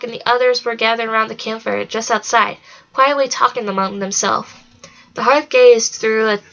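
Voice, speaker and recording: A woman reads a storybook aloud in a bright, fairly high voice with a sharp edge, keeping an even, steady pace. The lo-fi home recording is slightly dull. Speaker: reader. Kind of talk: storybook read-along narration.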